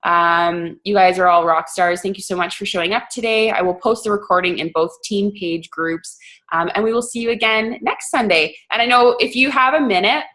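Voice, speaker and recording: A young woman from Canada hosting a team coaching call, talking fast and casually with lots of fillers and a sarcastic edge. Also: mid-range voice, fairly bright tone.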